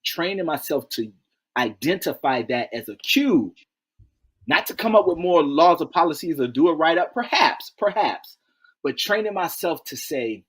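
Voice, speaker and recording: A man as an interview guest, telling stories in a lively, folksy way, acting out quotes and repeating key phrases. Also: on the high side, moderate pace, husky. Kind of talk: animated interview storytelling.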